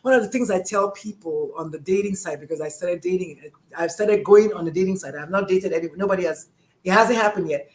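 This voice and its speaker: A woman's voice: on the low side, fairly quick, roomy sound, poor audio. A woman hosting a podcast, effusive and chatty, acting out quoted dialogue as she tells stories. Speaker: podcast host, gender and sexuality coach. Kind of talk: casual podcast conversation.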